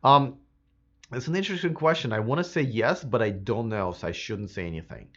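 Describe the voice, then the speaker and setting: A man's voice: mid-range voice, lively intonation, fairly quick, slightly rough, highs cut off. Chatty man hosting a live Q&A. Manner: casual and chatty, many fillers and restarts. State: slightly hoarse, losing his voice. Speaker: host of a live electric car stream. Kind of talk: live-stream Q&A, reading viewer comments.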